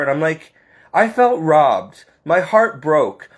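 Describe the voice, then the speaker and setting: A man's voice: on the high side, big pitch swings, takes it slowly. A middle-aged man talking earnestly and emotionally to the camera, holding back tears as he speaks. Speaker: Catholic vlogger. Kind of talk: emotional personal monologue.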